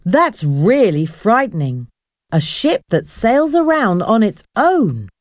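A woman's voice: mid-range voice, sing-song, slow, no echo, clean studio sound. A woman reading a storybook voices a frightened young man who panics and pleads. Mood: shaken.

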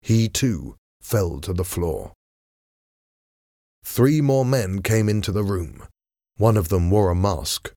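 A man narrating a storybook in a measured, deliberate way. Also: low voice, lively intonation, mellow, no echo, studio quality. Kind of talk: storybook reading.

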